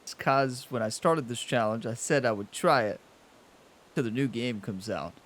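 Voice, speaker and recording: A young man hosting his own golf video game channel, chatting casually over gameplay, laughing often and swinging between frustration and excitement. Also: medium pitch, moderate pace. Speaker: gaming channel host.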